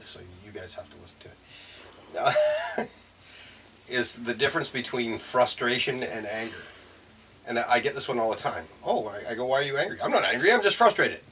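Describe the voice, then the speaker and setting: A man's voice: fairly low pitch, fairly bright tone. A man talking casually to camera in a reflective vlog, rambling and correcting himself with frequent chuckles. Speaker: vlogger. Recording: mic a bit far, faint room noise.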